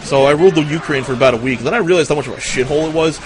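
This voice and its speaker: A man's voice: a little high, rapid-fire, background noise. A young man streaming a game, telling absurd, profane tall tales in a casual, matter-of-fact way at his computer. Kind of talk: casual storytelling while gaming.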